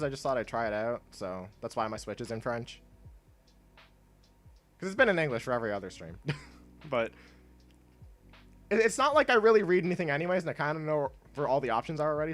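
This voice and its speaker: A man's voice: medium pitch, very animated, fast, a bit bright, faint music behind. A young man chatting casually while streaming a video game, rambling with lots of fillers and laughing often. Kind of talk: casual gameplay stream chat.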